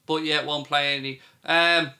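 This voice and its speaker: An Irish man hosts a live football watchalong in a casual, chatty way. His voice sits a little high and sounds bright and forward. He reads out viewer questions and answers them as he goes. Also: level tone, a little slow, gravelly. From Ireland. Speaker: host.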